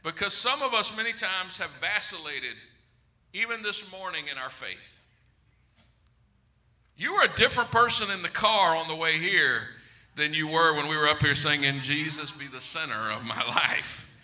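A man's voice: high voice, moderate pace, pushed and bright. A middle-aged pastor preaching a sermon to his congregation in a large church, emphatic and joking with his listeners.

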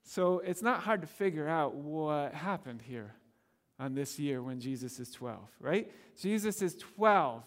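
High-voiced man preaching in a hall. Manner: conversational, animated, laughing often, acting out quoted lines. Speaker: pastor. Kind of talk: sermon.

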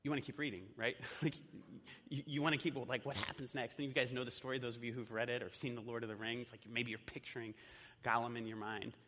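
A man's voice: mid-range voice, level tone, fast, bright, forceful tone. A man preaching a sermon in a church in a conversational way, with casual fillers. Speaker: pastor. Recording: echoey hall.

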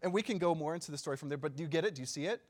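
A man's voice: fairly high pitch, very fast. A man giving a casual sermon as a pastor, talking conversationally, joking and often asking his listeners questions. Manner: laughs easily and jokes.

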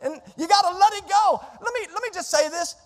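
A man preaching a sermon as pastor, swinging between soft asides and loud emphatic lines, sometimes acting out the inner complaints of his listeners. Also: very high voice, a little fast, big-room sound. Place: church sanctuary.

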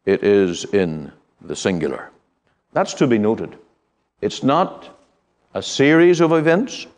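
A middle-aged man from the United Kingdom teaching a Bible study, speaking in an earnest, measured way with frequent pauses and fillers. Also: fairly low pitch, big pitch swings, darkish tone.

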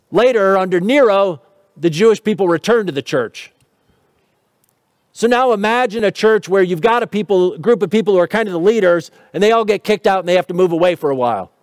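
A man with a high, light voice delivers a teaching sermon, walking listeners through scripture and posing rhetorical questions. His tone carries light touches of humor, and the sound is dry and close with little room echo. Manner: explanatory, asks rhetorical questions. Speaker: pastor.

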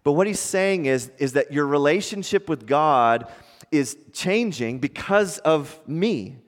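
A man preaching a sermon as a pastor, conversational and animated, often asking the congregation rhetorical questions. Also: a little high, a little slow, big-room sound.

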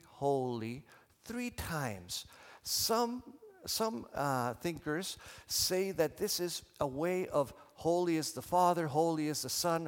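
A man preaching a sermon in a church, animated and leading the congregation in call and response. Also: fairly high pitch, long reverb tail. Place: church sanctuary.

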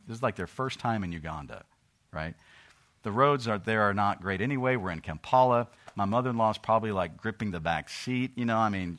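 Bright-voiced preacher, loud then hushed. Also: male voice. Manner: preaching, swings from loud emphatic scripture reading to low conversational storytelling. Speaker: pastor. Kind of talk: sermon with personal story.

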